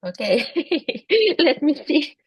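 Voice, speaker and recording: A woman co-presenting on a video call, measured and thoughtful, with hesitant fillers. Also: high voice, very animated, dry recording. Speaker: guest co-presenter.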